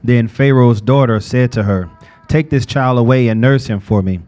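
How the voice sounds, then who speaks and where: A man reading scripture passages aloud in a steady, even manner during a group lesson. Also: mid-range voice, moderate pace, soft background music. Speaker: scripture reader.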